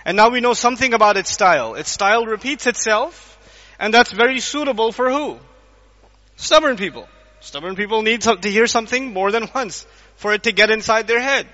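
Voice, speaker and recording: A male Islamic lecturer gives a lively religious talk a little fast, in a very high, bright voice, acting out small scenes and repeatedly questioning the audience. The lo-fi recording sounds dull and was made in a large hall.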